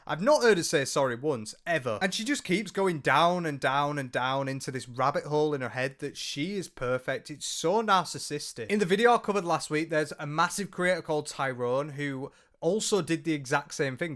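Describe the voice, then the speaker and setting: Exasperated British man, fairly high voice. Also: moderate pace, fairly bright tone. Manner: exasperated, sarcastic, swears freely. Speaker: commentary channel host. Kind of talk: ranting commentary.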